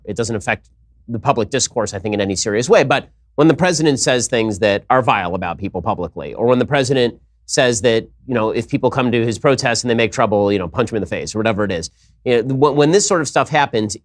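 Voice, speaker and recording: A man lays out a political argument at a brisk, rapid pace, pressing his points hard. The recording is dry and close, with no room sound. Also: medium pitch, no echo. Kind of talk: political discussion.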